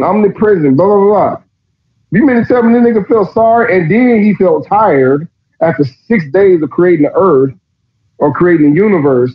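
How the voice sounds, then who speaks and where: A profane, sarcastic man with a somewhat high voice reads a text aloud and mocks it in animated commentary. The recording is dull and lo-fi. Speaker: podcast host. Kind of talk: mocking commentary while reading aloud.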